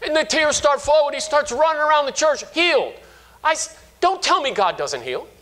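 High-voiced preacher in his fifties. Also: moderate pace. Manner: animated storytelling with frequent restarts. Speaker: pastor. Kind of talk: sermon.

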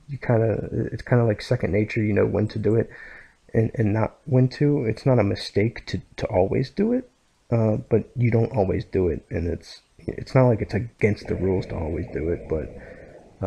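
A man's voice: lowish voice, vocal fry, dark tone, breathy edge. A man from the United States, explaining a language lesson over a screen recording, full of fillers and "okay?" checks. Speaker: language teacher.

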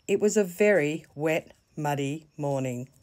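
A woman with an Australian accent reads a children's bedtime story in a low voice. She takes her time, pausing gently between phrases. Her tone stays soft and deliberate throughout. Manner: slow, gentle, deliberate reading.

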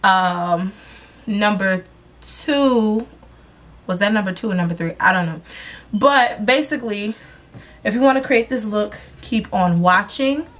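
A young woman greets her viewers in a quick, casual intro, her voice sitting at an ordinary middle pitch. She rambles a bit, stops to wonder which point she is on, and keeps the mood light and friendly. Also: a bit bright. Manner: rambling and upbeat, loses track of her own points. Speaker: beauty vlogger.

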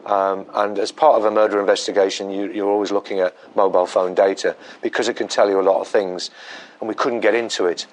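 A man, a police detective, recounting a murder investigation in a documentary interview, measured and pausing often with fillers. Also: fairly low pitch, flat delivery. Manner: measured, hesitant with many fillers.

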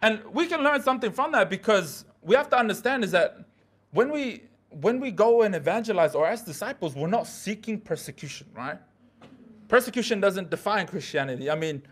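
A man's voice: high voice, fairly bright tone. A man preaching a midweek sermon in a church, talking casually with slang and asides.

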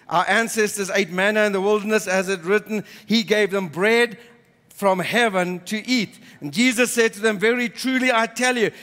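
A man's voice: sits high, fairly bright tone, in a large hall. A man preaching a sermon, reading scripture aloud and then explaining it with emphatic repetition. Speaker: pastor. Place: church.

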